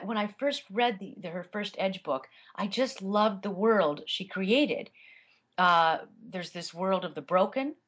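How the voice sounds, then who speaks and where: A woman's voice: low-pitched, a bit bright. A woman audiobook narrator answering interview questions in a chatty way, with many fillers and restarts.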